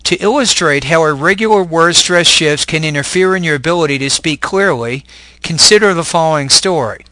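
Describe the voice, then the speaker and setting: A man teaching English word stress in clear, deliberate scripted narration. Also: a little high, bright, forceful tone, no echo.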